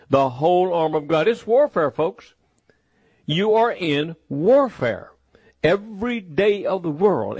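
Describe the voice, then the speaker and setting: Male preacher, slightly high voice, slow, emphatic delivery, dry sound. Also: a little mellow, no room sound. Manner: emphatic, repetitive preaching with deliberate pauses. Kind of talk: sermon.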